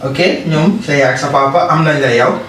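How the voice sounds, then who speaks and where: A man teaching beginner English, who repeats each word slowly and keeps asking "ok?". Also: fairly high pitch, a bit bright, slight background noise. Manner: repeats words slowly, asks "ok?" often. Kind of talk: beginner language lesson. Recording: roomy, mic at a distance.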